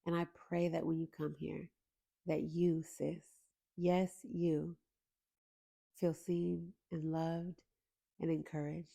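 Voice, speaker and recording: A young woman hosts her own faith podcast and speaks to her listeners in an earnest, openly emotional way. Her voice sits a little low, with a warm, mellow tone and a gravelly edge. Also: level tone, slow, pauses often. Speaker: podcast host. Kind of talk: heartfelt faith podcast intro.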